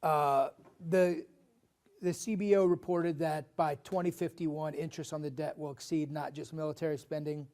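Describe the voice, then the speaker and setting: A man's voice: on the high side, steady tone, normal speed, a little mellow. A middle-aged man from Illinois giving an impassioned town hall speech, emphatic and repeating himself, with frequent restarts. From Illinois, USA. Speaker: political speaker at a town hall.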